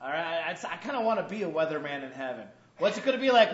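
A man's voice: extremely high pitch, animated, fast talker. A man preaching a sermon as a pastor, joking and acting out little scenes with quoted voices. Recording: roomy, dull lo-fi sound.

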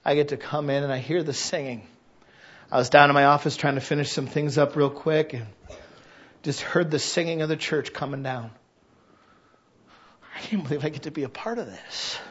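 Speaking from the sanctuary, a man leads his church in a sermon, self-deprecating and honest, alternating between soft intimacy and loud passion. His husky voice sits on the high side with fairly even intonation, a moderate pace, and long pauses, while the audio lacks its upper range.

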